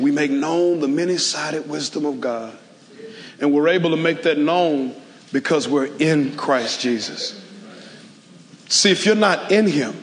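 A man preaching a sermon to a large auditorium, calling for responses and swinging from soft to shouting. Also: on the high side, long reverb tail. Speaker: pastor.

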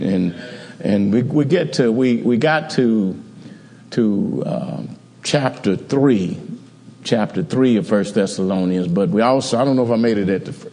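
In a reverberant church sanctuary, a pastor gives an evening sermon in a low voice with a dark tone. He talks conversationally, repeats words often, and trades amens with the congregation.

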